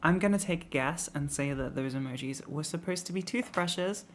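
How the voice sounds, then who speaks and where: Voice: medium pitch, normal speed. A young adult live streamer from the Midlands, England, with an English accent, chatting casually on stream in a rambling, self-mocking way and laughing often. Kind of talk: casual live-stream chat reacting to tips.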